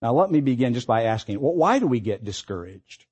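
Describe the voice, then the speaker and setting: A male pastor delivers an earnest sermon in a conversational tone. His voice is a bit husky and sits in a middle register. He restarts phrases now and then, as if thinking aloud to his congregation. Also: medium pitch, very animated, fairly quick, darkish tone.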